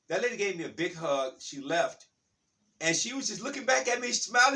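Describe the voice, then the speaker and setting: A man telling a rambling, animated story in a casual spiritual talk, with many restarts. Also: sits high, normal speed, distant mic.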